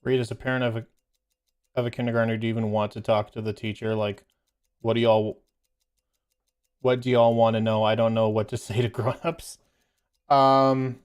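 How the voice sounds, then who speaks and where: A man and parent chatting casually while playing a game, telling a story in a rambling, filler-heavy way and laughing as he goes. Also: mid-range voice. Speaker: gaming streamer and parent.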